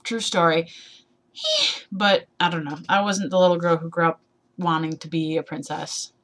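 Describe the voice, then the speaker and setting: Young woman, 21, lowish voice, rambling, self-deprecating, giggly, sleep deprived, casual vlog chat. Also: big pitch swings, normal speed, fairly bright tone. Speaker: vlogger. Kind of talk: casual tag video chat.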